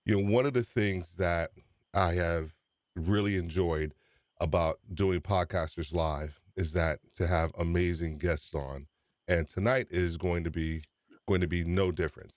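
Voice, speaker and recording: A man's voice: deep voice, measured pace, no room sound, studio quality. A man hosting a live-stream podcast, upbeat and chatty, often repeating his phrases. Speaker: podcast host.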